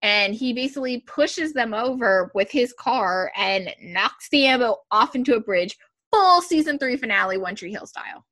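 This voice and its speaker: A woman's voice: a little high, lively intonation, normal speed, a bit bright, no room sound, clean studio sound. A woman co-hosting a podcast, chatting casually and animatedly as she recaps a TV episode, with plenty of filler words. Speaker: podcast co-host.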